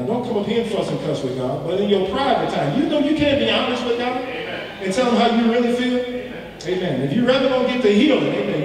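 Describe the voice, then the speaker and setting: A male pastor preaching a sermon, swinging from soft asides to shouts and repeating phrases for emphasis. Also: high voice. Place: church sanctuary. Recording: echoey church hall, distant mic.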